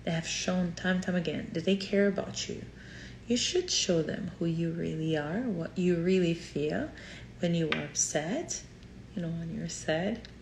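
A woman therapist with a Brazilian Portuguese accent speaks in a lower, husky-edged voice full of vocal fry. She teaches with heartfelt earnestness and repeats key phrases for weight. The sound carries a noticeable room echo. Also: a little slow, darkish tone, a little hiss or hum. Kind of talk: teaching talk to camera.

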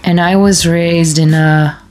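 A woman's voice: on the low side, fairly even intonation, slow pace, darkish tone. A woman from Kenya with an East African accent, co-hosting a radio talk show in playful, teasing chat. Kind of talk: casual chat.

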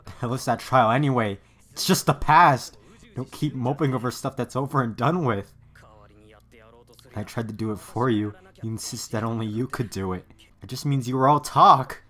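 A man's voice: mid-range voice, moderate pace, a bit bright, lightly acted. Casting: actor as a stubborn, devoted young man, earnest and intense, for an anime dub. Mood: harsh. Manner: earnest, heartfelt confession.

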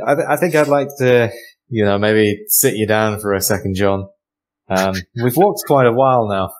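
A man playing in a tabletop role-play who talks in a hesitant, halting way. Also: fairly low pitch. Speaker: player.

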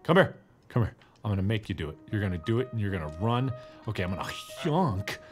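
A man commentating a video game playthrough in a goofy, taunting way, swinging between loud shouts and mutters. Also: on the low side, sing-song, fast, faint music behind. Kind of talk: let's play commentary.

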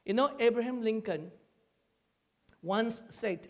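A man preaching a sermon, swinging between loud rises and hushed drops and calling out to the congregation. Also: on the high side, measured pace, pauses often. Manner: calls to the congregation. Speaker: pastor. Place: church.

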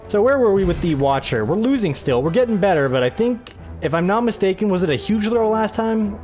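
A man's voice: fairly high pitch, sing-song, quick pace, a little mellow, faint music behind. A young American man hosting a let's-play, chatting casually and rambling about his day while he plays, laughing often. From United States. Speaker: gaming channel host.

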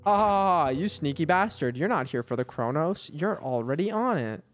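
At a moderate pace and with lively intonation, a man with a voice on the high side gives profane, offhand commentary while playing through his backlog. He rambles, uses filler words, and exasperatedly mocks the characters.

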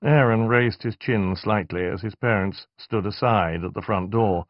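A man narrating a fantasy novel in a measured, expressive reading. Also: fairly low pitch, no room sound, highs cut off. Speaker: audiobook narrator. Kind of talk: scripted narration.

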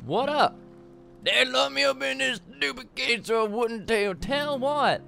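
A man's voice: very high-pitched, measured pace, vocal fry, sharp tone, soft background music, voice pushed up, heavily acted. A man voicing a small, pushy male bird in a game, with a put-on Southern US accent. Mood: urgent.

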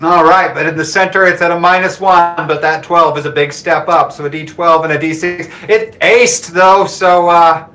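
A man's voice: a little high, fairly even intonation, moderate pace, hardly any pauses, sharp tone. A man acting as game master, chatting and laughing as he calls out dice rolls. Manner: chatty, laughs often, thinks aloud over dice rolls. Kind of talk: narrating a tabletop game on a live stream.

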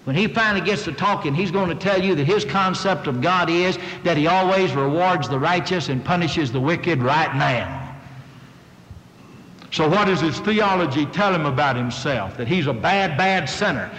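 Folksy preacher in an echoing hall. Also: male voice, fairly high pitch, lively intonation, normal speed, a bit bright. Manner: folksy, questioning the audience. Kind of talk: sermon. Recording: long reverb of a hall.

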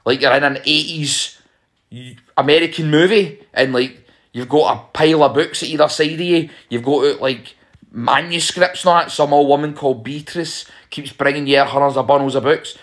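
A young Scottish man delivering a rambling, conversational comic monologue, jumping up in pitch for emphasis. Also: lively intonation, moderate pace.

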